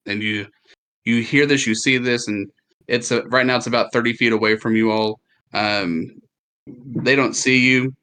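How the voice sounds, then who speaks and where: A man narrating as game master in a tabletop game, describing scenes haltingly and with many fillers. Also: mid-range voice, fairly even intonation, sharp tone, clean tone.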